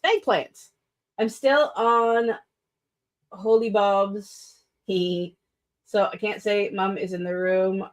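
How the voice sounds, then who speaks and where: A woman author chatting casually on a writing stream, rambling with many fillers and self-corrections, laughing often. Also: on the low side. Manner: laughs often between sentences. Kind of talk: casual chat.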